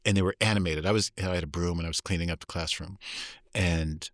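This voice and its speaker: A middle-aged man from California speaks as an author and professor in an interview. He tells his stories quickly and animatedly, with a lowish voice. The sound is close and dry. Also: no room sound. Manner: animated storyteller. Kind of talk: interview storytelling.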